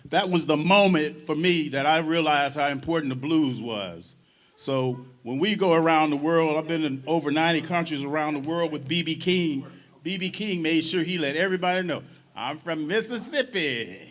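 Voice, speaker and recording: Earthy storytelling man, a bit high-pitched. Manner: lively, earthy storyteller who swears casually. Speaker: drummer and panel speaker. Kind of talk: storytelling at a symposium panel. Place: university symposium stage.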